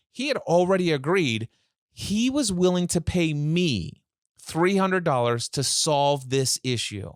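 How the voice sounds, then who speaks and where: A man telling a story in a podcast interview as a mindset coach, acting out both sides of a phone call in lively voices, speaking over a remote call. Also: fairly high pitch, no echo, clean studio sound.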